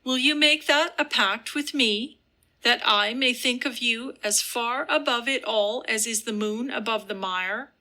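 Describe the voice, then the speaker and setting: A tormented young man pours out earnest, impassioned vows, read by a woman narrator. The pace is unhurried and the tone bright. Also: fairly high pitch. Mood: solemn.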